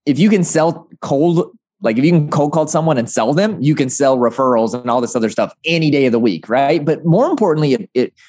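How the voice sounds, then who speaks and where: A man's voice: on the high side, expressive, brisk, a little mellow. A man in casual business conversation, talking animatedly and peppering his speech with "like" and a questioning "right?".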